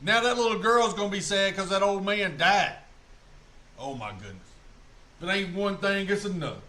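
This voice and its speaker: Brief: streamer guy, crude jokey reactions, bright, slightly high voice. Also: animated, normal speed, slight background noise. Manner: crude, mocking, joking. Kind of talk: casual reaction commentary.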